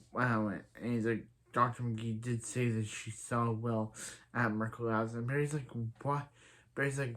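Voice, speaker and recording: A man's voice: mid-range voice, a bit bright. A man reviewing a TV episode in a casual recap, rambling through scenes and retelling them with lots of filler. He quotes the characters in his own everyday voice. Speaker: TV show reviewer.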